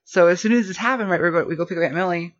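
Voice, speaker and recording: A woman telling a rambling story in casual podcast chat, animated and full of fillers. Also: on the low side, very fast. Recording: dull lo-fi podcast audio.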